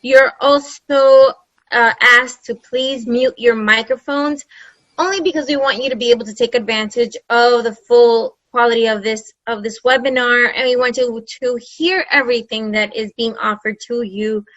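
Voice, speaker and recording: A woman hosts a webinar in an effusive, enthusiastic way, stacking up phrases for emphasis. Her voice is bright and forceful and sits a little high. The sound is dry and close, from a video-call microphone. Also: steady tone, normal speed, no room sound, highs cut off. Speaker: webinar host. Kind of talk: presenting a webinar.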